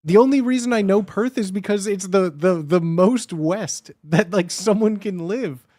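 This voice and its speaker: This is a young man chatting on his livestream in a relaxed, rambling way. He keeps getting excited and swears freely. His voice sits fairly high, and the sound is dry and close to the mic. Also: unhurried, dry recording. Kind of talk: casual stream chat.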